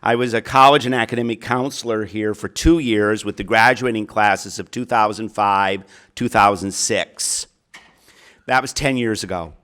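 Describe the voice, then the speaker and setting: A man's voice: on the low side, moderate pace, fairly bright tone, smooth. Minnesotan man giving a friendly speech. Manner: earnest, chatty, asks the audience questions. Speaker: college counselor, keynote speaker. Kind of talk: speech to an audience. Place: auditorium.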